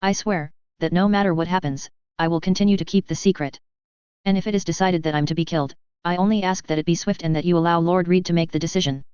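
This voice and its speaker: A woman voicing an earnest young man from modern times, speaking in a measured, pleading way as she reads a fantasy story aloud. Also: on the low side, fairly even intonation, a little mellow, smooth, no echo, natural voice. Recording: slightly dull lo-fi dry.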